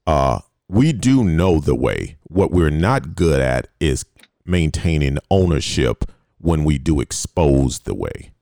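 A very deep-voiced man hosts a casual interview, his gravelly tone relaxed and conversational. He often repeats words as he works out a question. The recording is dry and close. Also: slow, dry recording. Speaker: podcast host.

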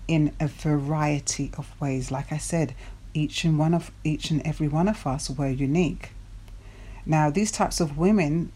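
Speaking in a low, mellow voice, a female dating and self-development coach motivates her viewers. Rhetorical questions and repeated key words drive home her points.

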